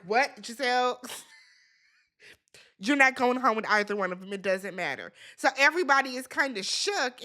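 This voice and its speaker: A woman's voice: fairly high pitch, bright, forceful tone. A woman recapping a reality dating show in a casual, sassy way, talking back to the people on screen. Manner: chatty, with laughs and filler words.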